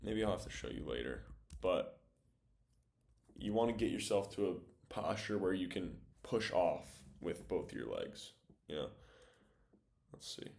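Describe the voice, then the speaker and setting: A man's voice: sits low, very animated, measured pace, creaky, darkish tone. A young man casually breaking down volleyball game film, thinking aloud with lots of fillers as he goes. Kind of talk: casual video breakdown commentary.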